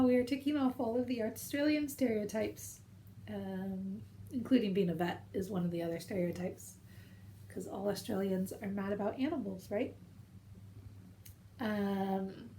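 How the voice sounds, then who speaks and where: A chatty woman in her thirties talks casually at home, her voice mellow and warm. She rambles from one story to the next in a relaxed way. A faint hum of noise sits behind her. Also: mid-range voice. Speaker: knitting podcast host. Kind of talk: casual chat to camera.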